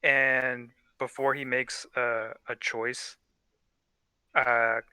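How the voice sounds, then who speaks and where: A man's voice: mid-range voice, flat delivery, drawn-out words, bright, forceful tone, smooth, no room sound. A man playing in a tabletop game, easygoing and plain-spoken. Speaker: player. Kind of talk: casual tabletop play.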